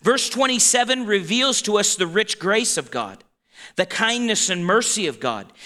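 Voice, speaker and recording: A man's voice: sits high, sharp tone, in a large hall. A man preaching a sermon as pastor, talking in a conversational way that stops and restarts often, with asides to the congregation. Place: church sanctuary.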